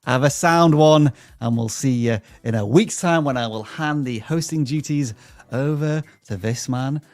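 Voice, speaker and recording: A man's voice: medium pitch, unhurried, darkish tone, no room sound. Upbeat man hosting a live stream. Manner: upbeat, reads out viewer messages.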